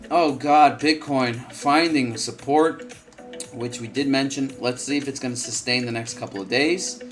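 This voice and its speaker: A man hosting a live trading stream, talking casually and bluntly, swearing often and repeating himself, tired and yawning from lack of sleep. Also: medium pitch. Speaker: trading livestream host. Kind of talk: casual live market commentary.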